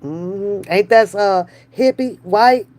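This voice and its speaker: A woman hosting a live stream, chatting casually with viewers in a slow, drawn-out way, often brushing things off with a dismissive "mm-mm". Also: mid-range voice, darkish tone. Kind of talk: casual chat.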